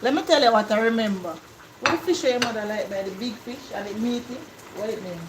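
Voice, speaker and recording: A woman's voice: fairly high pitch, a little fast. A Jamaican woman with a slightly raised voice chats casually in patois while co-hosting a home cooking stream, rattling off lists. Her voice rings in a roomy kitchen with a faint hum behind it. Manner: lively talk in patois, lists things off. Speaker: co-host of a cooking live stream. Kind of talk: casual live-stream chat.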